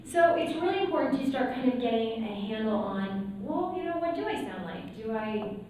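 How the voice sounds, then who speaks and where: A woman voice actor on a convention panel, talking in a playful, energetic way and coaxing the audience. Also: on the high side, normal speed. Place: large convention hall. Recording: distant, echoey convention hall with noise.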